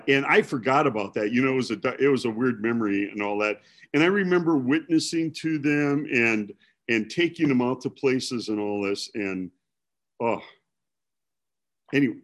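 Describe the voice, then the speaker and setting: Brief: midwestern-pitched man, rambling and self-mocking, telling stories from the pulpit. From Milwaukee. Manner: rambling, self-deprecating humor. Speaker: preacher. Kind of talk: casual storytelling sermon.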